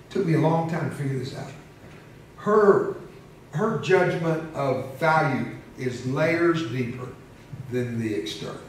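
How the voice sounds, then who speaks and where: A man's voice: medium pitch, a little hiss or hum. A man in his seventies giving a storytelling speech to an audience, humorous and emotional, often laughing. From United States. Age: 70s. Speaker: motivational speaker. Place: large hall with an audience. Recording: echoey hall, heard from a distance.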